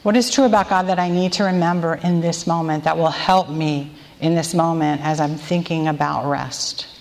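A woman with a slightly low voice leads a devotional talk, gentle and prayerful, slowing right down on the phrases she wants repeated. Her voice rings out with a long reverb, as if spoken in a large hall. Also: fairly even intonation. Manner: gentle, slow and prayerful, stretching key phrases. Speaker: women's retreat speaker. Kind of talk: devotional talk with group responses.

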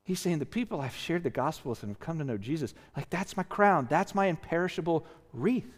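A man's voice: on the high side, animated, brisk. A male pastor preaching a sermon, earnest and emphatic, tired and often asking "right?". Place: church sanctuary. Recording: long reverb of a church hall.

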